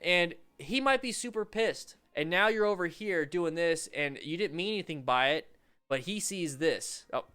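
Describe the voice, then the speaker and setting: A man coaching motorcycle riders over a livestream, commenting on riding videos in an animated, joking, rambling way with restarts. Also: on the high side, moderate pace, clean tone.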